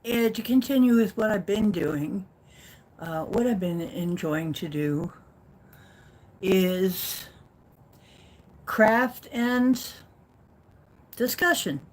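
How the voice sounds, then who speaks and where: Slow, rambling Midwestern woman streaming. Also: medium pitch, darkish tone, slight background noise. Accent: Midwestern American. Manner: rambling, playful, self-teasing. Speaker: livestream host. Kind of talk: casual livestream chat.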